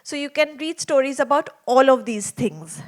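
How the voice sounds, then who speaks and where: A woman's voice: sits high, normal speed. A woman telling a story to young children in a small theater, chatty and asking them lots of questions.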